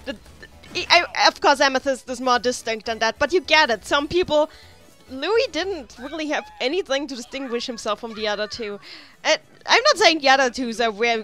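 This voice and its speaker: A let's play host chats and rambles casually while playing a video game, her high-pitched, slightly bright voice full of restarts and side remarks. Faint game music plays in the background.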